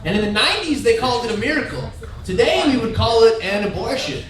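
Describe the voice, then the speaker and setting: A man's voice: very high-pitched, very animated, fast. A male comedian doing a stand-up set at a live show, with a laid-back, dude-speak delivery. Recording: very echoey bar, audience crowd, off-mic distance.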